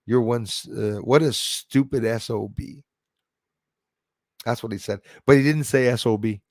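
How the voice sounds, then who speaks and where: A man chats casually on a livestream, reading viewers' comments and wandering off into indignant asides. His voice is gravelly and sits in a middling pitch. The sound is dry and close, with no room echo. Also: unhurried, a little mellow. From Canada. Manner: rambling, indignant, reads viewer comments aloud. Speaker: livestream host reading chat. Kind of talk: casual chat.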